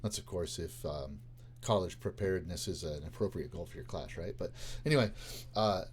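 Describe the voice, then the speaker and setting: A man's voice: low voice, darkish tone, slightly rough. A man, a teacher, explaining classroom conversation tactics in a loose podcast style, full of fillers and restarts and acting out student-teacher exchanges. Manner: informal, halting, lots of fillers and restarts. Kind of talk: podcast explaining with role-played dialogue.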